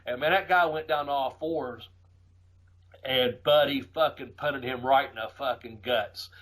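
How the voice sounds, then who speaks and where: A middle-aged man, a podcast host casually telling profane, animated stories and laughing often. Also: mid-range voice, measured pace, poor audio. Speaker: podcast host and former wrestler. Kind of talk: casual storytelling.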